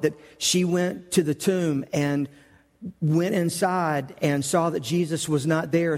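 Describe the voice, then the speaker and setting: A man's voice: a little high, a little mellow, long reverb tail. A male pastor preaching a sermon, telling the story conversationally and acting out the quoted lines.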